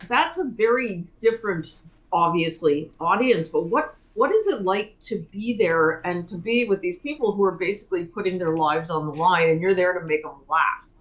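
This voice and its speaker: A woman co-hosting a talk podcast, asking a guest measured questions with pauses and fillers. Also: on the low side, animated, rough recording. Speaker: co-host. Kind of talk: interview questions.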